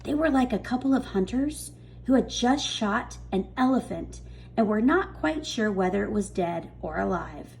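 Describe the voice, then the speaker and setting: A woman reading a children's book aloud in a lively, expressive storytelling manner. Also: medium pitch, normal speed, gravelly, slight background noise. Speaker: reader.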